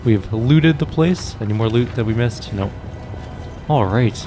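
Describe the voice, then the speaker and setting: A man's voice: mid-range voice, expressive, a little slow, over music. A man casually commentating a game and reading its dialogue aloud, with dry, offhand remarks. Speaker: gaming YouTuber.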